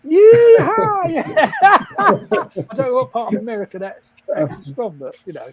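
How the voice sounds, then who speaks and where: A man's voice: high voice, sing-song, fairly quick, heavy background noise. An older man, telling rambling stories in casual chat on a livestream, often laughing and acting out the people he quotes. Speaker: livestream guest storyteller.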